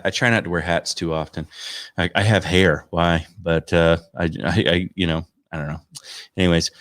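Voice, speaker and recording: Comedian from Florida, low voice, rambling self-mocking chat with his viewers. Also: fairly bright tone. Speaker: stand-up comedian. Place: home studio.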